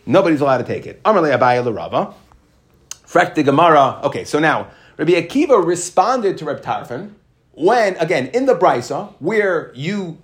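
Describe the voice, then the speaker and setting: A man teaching a Talmud lesson, explaining step by step, mixing Hebrew and Aramaic terms into English and checking in with "right?". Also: fairly high pitch.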